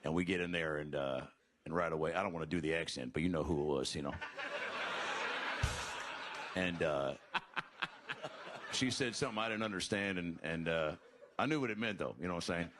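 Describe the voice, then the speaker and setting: A man telling stand-up stories in a deadpan, mumbling way full of fillers, on a comedy club stage. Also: deep voice, a crowd in the background. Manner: slow, mumbling, filler-heavy delivery.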